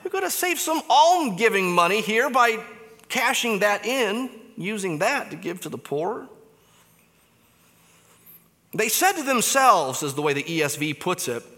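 A man preaching a sermon, swinging between loud emphatic lines and hushed low phrases. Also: sing-song, moderate pace. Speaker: pastor. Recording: long hall reverb.

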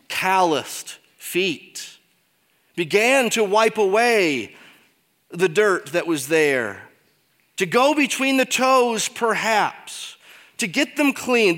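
A man preaching in a large church, his voice ringing with long reverb. He talks slowly and lets his fairly high pitch climb and fall widely, moving from emphatic peaks to hushed asides. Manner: expressive, swings between emphatic peaks and quiet low asides. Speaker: pastor. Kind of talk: sermon.

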